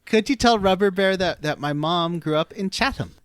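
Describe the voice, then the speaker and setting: A man's voice: high-pitched, moderate pace, a bit bright, smooth, no room sound, clean studio sound. A man co-hosting a casual gaming podcast, earnest and rambling as he asks follow-up questions. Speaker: podcast co-host.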